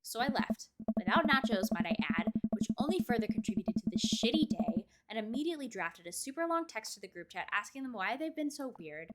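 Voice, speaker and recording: A woman's voice: fairly high pitch, sing-song, brisk, hardly any pauses. A woman voicing an upset teenage girl who rambles as she vents to her dad, read from a game script. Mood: exasperated. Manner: rambling, exasperated storytelling. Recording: loud game music behind.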